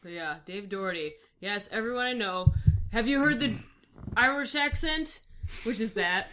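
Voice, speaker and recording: A woman's voice: a little high, sing-song, unhurried, long pauses, very noisy. A woman in her twenties chatting casually and telling stories about her jobs, swearing freely. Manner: swearing, storytelling with quoted exchanges. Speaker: guest. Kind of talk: casual chat.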